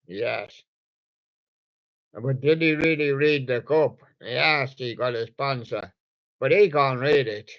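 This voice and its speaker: A man's voice: medium pitch, takes it slowly, long pauses. A man hosting a live radio show in a meandering, mumbling way, chatting to toy guests on a dull, lo-fi recording. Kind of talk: rambling live radio chat.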